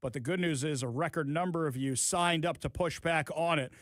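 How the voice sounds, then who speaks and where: A man hosting a talk radio show, giving sarcastic, animated opinions to his listeners from a studio. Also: a little high, fairly quick, dry recording.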